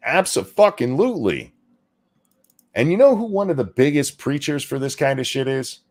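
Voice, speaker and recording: A male show host delivers casual political commentary, talking fast in sarcastic, swear-laden rants. Animated throughout, his pitch swings widely, rising and falling with every point.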